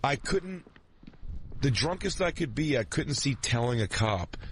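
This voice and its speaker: A man's voice: medium pitch, sing-song, unhurried, a bit bright, a little hiss or hum. A man hosting a podcast in casual comedic chat, crude and rambling, laughing often. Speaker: podcast host.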